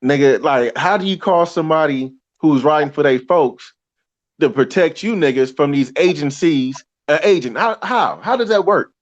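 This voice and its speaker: A man's voice: on the high side, lively intonation, normal speed, muffled recording. A man talking as a guest in a casual conversation, heated and preachy, firing off rhetorical questions.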